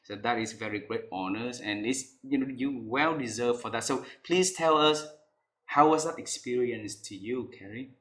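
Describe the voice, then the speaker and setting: A man's voice: mid-range voice, normal speed, fairly bright tone, reverberant. A man hosting an interview, effusive and full of praise, speaking with repeats and restarts. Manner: effusive, repeats and restarts, non-native grammar. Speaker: interview host.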